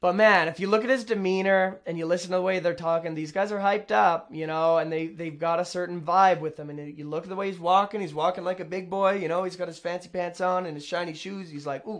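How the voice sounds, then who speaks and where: A man's voice: sits high, fairly even intonation, fast talker, few pauses, fairly bright tone. A man commenting casually on a video, rambling and sarcastic, often correcting himself mid-sentence. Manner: rambling, self-interrupting, sarcastic asides.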